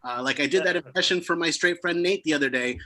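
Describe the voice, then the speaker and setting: Bright-voiced young man doing stand-up. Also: on the high side, quick pace. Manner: deadpan jokes with sudden bursts of loud emphasis. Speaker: stand-up comedian. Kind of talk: stand-up set over a video stream.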